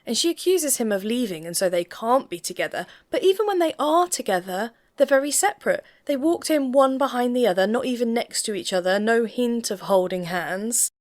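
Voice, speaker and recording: A woman co-hosting a casual reality TV reaction chat, recapping scenes in a measured, observant way. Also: a little high, lively intonation.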